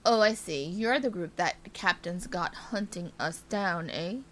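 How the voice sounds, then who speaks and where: A woman's voice: on the low side, a little slow, a bit bright, slight background noise, voice pushed down. A woman voicing a self-assured frontier detective in a theatrical, declaiming manner while reading game dialogue aloud.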